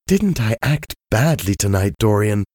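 A man reading a story, voicing a sweet, loving young woman who is an actress, with a soft, earnest manner. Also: on the low side, sing-song, a little slow, no echo, clean studio sound.

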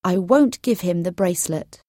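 A woman's voice: on the low side, moderate pace, mellow, dry recording, clean studio sound, close to an everyday voice. A woman voicing a brave young man who speaks firmly and emphatically in a storybook reading. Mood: determined.

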